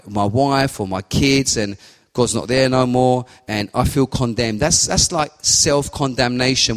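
A middle-aged man giving an informal, rambling sermon, acting out his prayers aloud. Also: medium pitch. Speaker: preacher. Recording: long hall reverb.

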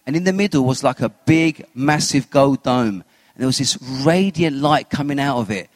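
A man giving a personal faith testimony as an interview guest, telling his story with animated retellings of what he said and thought. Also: medium pitch, normal speed, no room sound, in a large hall. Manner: animated storyteller who acts out his own quotes.

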